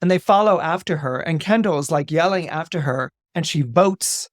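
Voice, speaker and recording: A man's voice: on the high side, normal speed, no room sound, studio quality. A man, an astrologer guest on a podcast, retelling a story with animation, often repeating words and acting out the dialogue.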